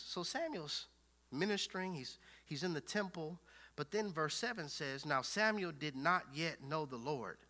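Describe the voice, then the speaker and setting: A young man preaching a sermon, dropping to hushed whispers and rising to loud shouts, acting out scripture scenes with lively dialogue. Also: on the high side, moderate pace. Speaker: pastor.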